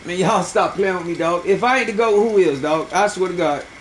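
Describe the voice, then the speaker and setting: A man's voice: high-pitched, fairly quick, slight background noise, rough recording. A young man streaming a fishing game, bragging and swearing in loose slang as he talks to his chat. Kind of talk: live gameplay commentary.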